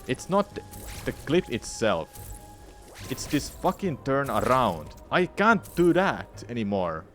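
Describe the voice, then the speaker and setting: A man's voice: mid-range voice, sing-song, takes it slowly, fairly bright tone, soft background music. A young man streaming a speedrun, talking and swearing to himself in frustration while he plays. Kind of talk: live streaming commentary while playing.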